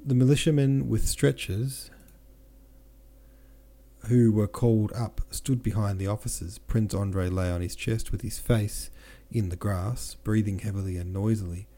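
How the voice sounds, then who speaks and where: Deep, dark-voiced man reading a novel. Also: measured pace. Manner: steady reading with small slips and self-corrections. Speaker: audiobook narrator and podcast host. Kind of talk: novel read aloud.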